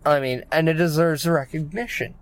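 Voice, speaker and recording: A man's voice: a little high, a little fast. A man co-hosting a casual wrestling podcast, rambling with many fillers and restarts. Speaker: podcast co-host.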